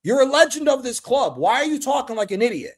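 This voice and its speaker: A man's voice: very high-pitched, very animated, fast. A man hosting a casual football chat stream, ranting with heavy swearing and mocking impressions. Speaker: host.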